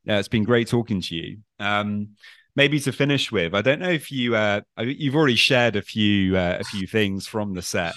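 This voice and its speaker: A man's voice: fairly low pitch, expressive, moderate pace, fairly bright tone, dry recording. A man hosting a podcast interview, speaking in an earnest, encouraging way. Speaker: podcast host, coach. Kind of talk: casual interview.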